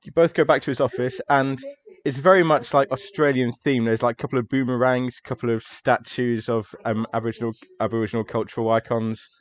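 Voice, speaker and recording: A man narrating a tabletop horror game as game master in a relaxed, casual way. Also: mid-range voice, fairly quick. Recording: slightly dull lo-fi audio.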